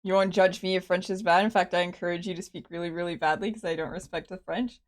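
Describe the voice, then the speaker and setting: A woman's voice: lowish voice, steady tone, quick pace. A woman streaming a story game from her home computer, chatting casually, laughing often and swearing freely. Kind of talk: casual live-stream commentary.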